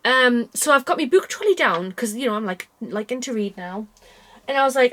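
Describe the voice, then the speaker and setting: A woman's voice: fairly high pitch, expressive, quick pace, fairly bright tone, slight background noise. A British woman vlogging from her bedroom, rambling cheerfully about her cross stitch with plenty of self-mocking asides. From United Kingdom. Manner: rambling, chatty and self-deprecating, with frequent asides. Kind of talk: casual chat to camera.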